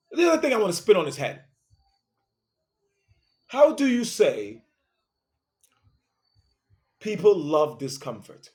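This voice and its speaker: A man with a slightly raised voice lectures his listeners in a profane, confrontational monologue. He preaches hard and hammers his points home with repetition. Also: on the high side. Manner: preachy, profane, confrontational, repeats phrases for emphasis. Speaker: host.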